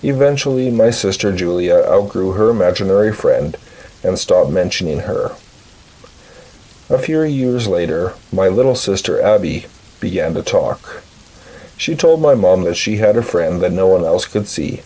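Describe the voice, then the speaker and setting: A man narrating short horror stories in a slow, measured storytelling voice. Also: deep voice, lively intonation, mellow, poor audio.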